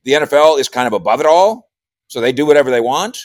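A sports columnist and podcaster, appearing as a regular radio guest, chats casually about sports in a mid-range male voice at a fast clip. He rambles and repeats words, getting animated whenever he quotes someone. The recording is dry, with clean studio sound.

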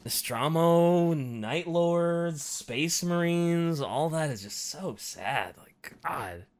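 Animated young man chatting casually. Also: fairly high pitch, very slow. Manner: animated, acts out characters in quoted asides, swears. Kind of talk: casual book discussion.

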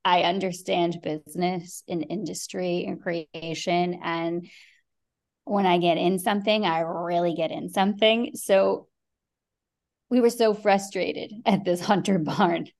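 A woman's voice: fairly low pitch, measured pace. Chatty middle-aged woman telling a story. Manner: lively anecdotal, acts out quotes, swears freely. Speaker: podcast guest. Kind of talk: animated storytelling.

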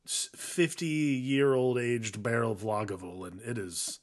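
A man's voice: medium pitch, unhurried. Wry man in casual film chat. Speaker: podcast co-host.

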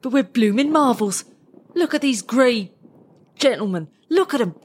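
Woman voicing a wound-up trench soldier, man, high-pitched, lively, rough and exclaiming, storybook reading. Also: normal speed. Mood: astonished, elated. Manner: exclaiming, excited, rough everyday speech. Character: excitable male British soldier in a trench, astonished and boastful.

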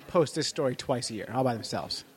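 A man from California co-hosting a podcast, joking through quick asides in casual chat. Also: medium pitch, expressive. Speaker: podcast co-host.

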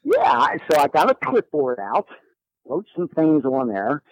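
A man telling a personal story as a guest, in a lively, animated way. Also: a little high, unhurried, no room sound, low-quality recording. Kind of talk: storytelling in a conversation.

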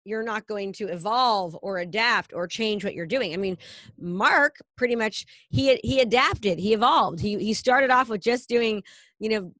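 A woman's voice: medium pitch, a little slow, fairly bright tone, no room sound. A woman hosting a podcast interview in a casual, upbeat and encouraging chat. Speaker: podcast host.

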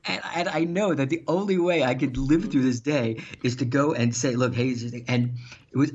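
A man telling stories in casual chat, animated and laughing, with some swearing. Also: medium pitch, unhurried, husky. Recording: dull lo-fi sound.

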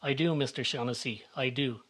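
A man's voice: mid-range voice, steady tone, brisk, fairly bright tone, close to an everyday voice. Brief: timid sidekick, deferential, read by a man. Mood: meek.

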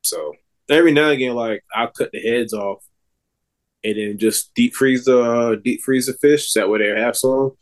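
Young male podcast co-host, mid-pitched voice, easygoing and rambling. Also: moderate pace. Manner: laid-back, rambling with fillers and restarts. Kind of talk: casual chat.

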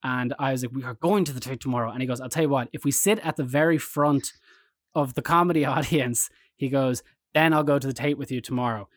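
Irish man, chatty storyteller, rambling anecdotes, dry close sound, mid pitch. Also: brisk, no echo. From Ireland. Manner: rambling anecdotal storyteller, animated quoted voices. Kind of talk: casual chat.

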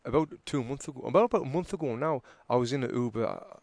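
A man, loose and chatty, who rattles through a story and gets loud when he plays out an argument. The sound is dry and close, with no room around it. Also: medium pitch, fast talker, gravelly, no echo. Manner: animated storyteller who acts out arguments loudly. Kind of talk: casual chat, storytelling.

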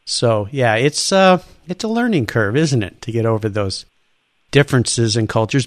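A man hosting an interview, telling anecdotes in an animated way and acting out the people in them. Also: medium pitch, normal speed, no echo, clean studio sound. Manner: animated storyteller, acts out quoted voices. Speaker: interview host. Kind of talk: conversational interview.

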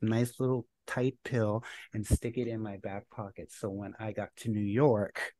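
A middle-aged man, a guest, recounting his life story in a casual, animated way and laughing at his own memories. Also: lowish voice, moderate pace.

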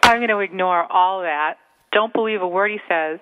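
A woman's voice: on the low side, background noise. Teasing female co-host on a phone line. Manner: teasing, dry, quick comebacks. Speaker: radio show co-host. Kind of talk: casual radio banter. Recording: phone-like narrow band.

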